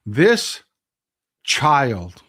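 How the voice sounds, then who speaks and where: A Texan man hosts a casual live stream, reading out viewer comments. His voice sits at an ordinary middle pitch. He talks with passion, rising into loud outrage and then dropping to quiet, hushed replies. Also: huge pitch swings, very slow.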